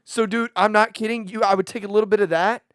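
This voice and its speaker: A podcast co-host in casual chat, rambling and halting as they describe a meal, laughing often. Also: medium pitch, fairly even intonation, a bit bright, no echo, clean studio sound.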